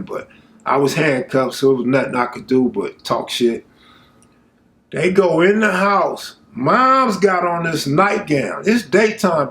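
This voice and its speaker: A man telling a true story from his own life in a casual, animated way, full of street slang and asides to the viewer. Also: fairly high pitch.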